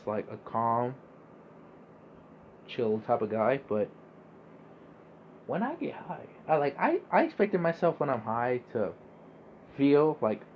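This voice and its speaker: A man's voice: mid-range voice, lo-fi sound, a little hiss or hum. A young man hosting a casual monologue podcast, laid-back and rambling, swearing freely. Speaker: podcast host.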